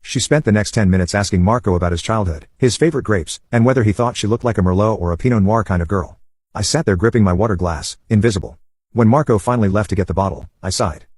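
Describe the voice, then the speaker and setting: A man's voice: lowish voice, expressive, quick pace, darkish tone, slightly rough, dry recording, studio quality. A man narrating an online story in a wry, sardonic scripted tone.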